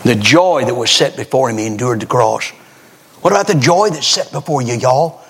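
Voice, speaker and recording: A man preaches a revival sermon, alternating between loud exhortation and hushed scripture reading, packed with folksy rhetorical questions. His medium-pitched voice is expressive, at a moderate pace.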